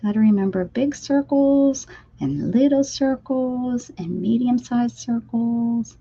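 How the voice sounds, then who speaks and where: A woman's voice: a little high, animated, slow, vocal fry, mellow, husky, no room sound. A woman from Pennsylvania hosting a casual art livestream, chatting directly to her viewers while drawing and sometimes dropping into a whisper. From Pennsylvania, USA. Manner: chatty, talks straight to viewers, drifts into whispers. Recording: slightly dull lo-fi stream audio.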